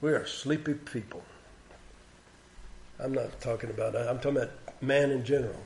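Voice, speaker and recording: A man's voice: mid-range voice, a little fast, creaky, a little mellow. A man preaching a sermon in a plain conversational way, repeating key words for emphasis.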